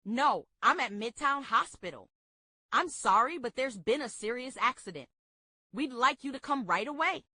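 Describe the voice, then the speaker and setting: A woman's voice: on the high side, animated, moderate pace, pushed and bright, no echo, studio quality. A woman reading aloud, voicing a deceptive female caller with a faint Southern US accent who speaks with polite urgency. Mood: urgent.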